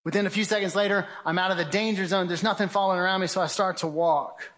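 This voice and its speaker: A middle-aged man telling a vivid personal story to a crowd, with a fairly high-pitched voice. He acts out his own shouts and calls his listeners guys. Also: steady tone, quick pace. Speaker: speaker giving a testimony presentation. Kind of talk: dramatic spoken testimony to a live audience.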